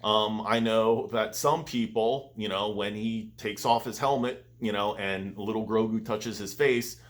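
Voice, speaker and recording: A man's voice: on the low side, fairly even intonation, measured pace. A man hosting his own vlog, chatting casually and rambling enthusiastically as he tells a story. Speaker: vlogger, channel host.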